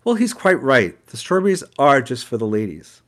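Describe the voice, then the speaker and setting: A man's voice: mid-range voice, big pitch swings, normal speed, fairly bright tone. A man voicing a condescending male restaurant manager in a read-aloud story. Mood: patronizing. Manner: smug, patronizing.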